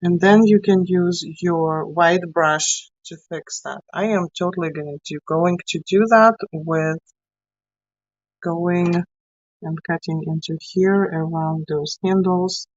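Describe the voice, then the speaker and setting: A woman's voice: lowish voice, no room sound. A woman teaching a live painting class, chatty and encouraging as she works along with her students. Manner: chatty, encouraging, talks while working. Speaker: art teacher. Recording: dry, slightly dull sound.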